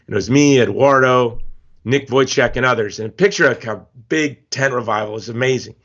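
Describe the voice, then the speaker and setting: A man's voice: mid-range voice, fairly quick, a bit bright, lo-fi sound. A man speaking as a guest in a podcast interview, telling stories with passion and emphatic repetition. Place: Hawaii.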